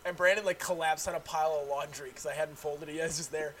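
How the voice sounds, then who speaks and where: A young man hosting a casual chat, loudly telling stories with lots of laughing and swearing. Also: fairly high pitch, steady tone, fast talker, slight background noise. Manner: loud, laughing storyteller, swears freely.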